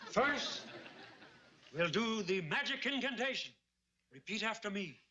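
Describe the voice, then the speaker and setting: Brief: an oddball sitcom mystic, very high, slow drawl, old lo-fi TV audio with hiss. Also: male voice, very animated, sharp tone, exaggerated voice. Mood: chanting. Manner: theatrical chanting incantations. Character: eccentric self-styled mystic man, mischievous. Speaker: sitcom character.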